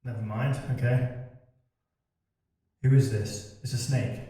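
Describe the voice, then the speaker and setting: A man's voice: mid-range voice, steady tone, slow pace, warm tone, heavy reverb, distant mic. A man giving casual, joking commentary while reacting to a horror video. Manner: joking, exclamatory. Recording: video soundtrack music playing behind.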